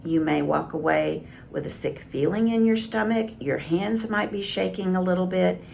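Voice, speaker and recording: A woman communication coach giving calm, measured advice straight to camera. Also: fairly low pitch, creaky, a little hiss or hum. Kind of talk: direct-to-camera coaching talk.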